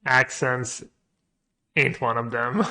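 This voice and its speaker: A man streaming a card game, thinking his moves through aloud and trailing off into quiet mutters, with joking asides to chat. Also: medium pitch, fairly even intonation, slow pace. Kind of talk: thinking aloud while playing.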